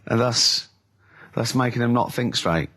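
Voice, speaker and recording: A man's voice: medium pitch, unhurried, a bit bright. A man hosting a comic radio show, teasing his co-host with incredulous questions and frequent laughter. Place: radio studio.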